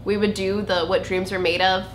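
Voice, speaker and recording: A woman's voice: mid-range voice, moderate pace. A young woman from Georgia in the United States, chatting casually with a friend as host of her own vlog. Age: young adult. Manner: chatty storyteller, animated. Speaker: YouTube vlogger, channel host. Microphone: camera mic. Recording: echoey room with faint noise.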